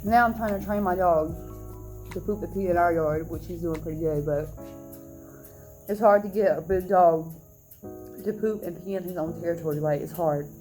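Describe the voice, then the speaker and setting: A young adult woman vlogger telling a storytime in an animated, indignant way. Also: on the low side, normal speed, long pauses, soft background music. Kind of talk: storytime vlog.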